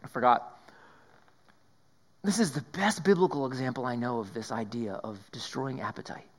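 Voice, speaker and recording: A man preaching a sermon, swinging between raised emphasis and hushed whispers and often repeating his words. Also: medium pitch, normal speed. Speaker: pastor.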